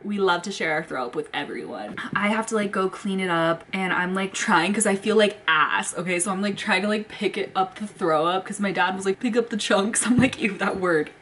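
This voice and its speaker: A woman's voice: mid-range voice, fairly quick, few pauses, a bit bright, a little hiss or hum. A young woman vlogging at home, telling a story in a dramatic, profane way with lots of "like". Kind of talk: casual storytime vlog. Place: home, indoors.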